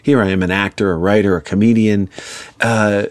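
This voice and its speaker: A man's voice: on the low side, steady tone, a little fast, dry recording. A man, an actor and comedian from New York, talking earnestly and reflectively as an interview guest. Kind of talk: interview conversation.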